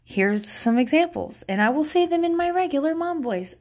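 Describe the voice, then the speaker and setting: A woman's high-sitting, animated voice moves at a measured pace as she talks like a mother advising on parenting. The monologue is casual and blunt, full of swearing, laughter, and digressions.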